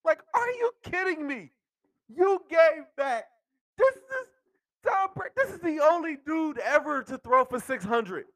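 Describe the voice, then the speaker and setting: Speaking at a measured pace, a male podcast host goes on an animated sports rant, laughing and swearing in an excitable way. His voice is strikingly high and jumps around in lively leaps, captured close and dry with no room sound.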